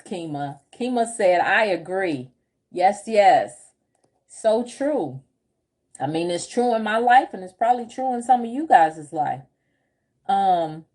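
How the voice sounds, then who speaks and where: A woman coach talks casually to her livestream viewers at an unhurried pace. Her voice is mellow and warm. She tells animated personal stories, laughs often, and reads out comments from the chat. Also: on the low side. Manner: chatty, animated storytelling with frequent laughs. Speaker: group home business coach.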